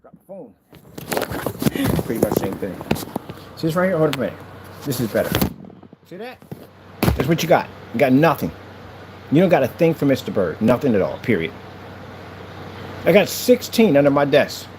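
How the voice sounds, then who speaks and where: A man vlogging to the camera in a boastful, mocking tone, repeating his taunts and getting excited. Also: mid-range voice, normal speed, pauses often, noisy background. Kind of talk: taunting vlog talk to camera.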